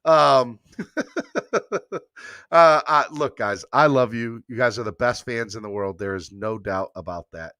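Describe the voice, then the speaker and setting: Male sports podcast host from new york, hype-man energy, bright tone, dry close sound. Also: medium pitch, takes it slowly, dry recording. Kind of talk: live podcast sign-off and promos.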